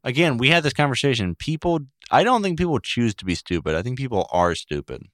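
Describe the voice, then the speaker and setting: A man co-hosting a podcast, talking in a wry, deadpan way and slipping into silly voices. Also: medium pitch, fast talker, dry recording, clean studio sound. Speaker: podcast co-host. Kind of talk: casual comedic chat.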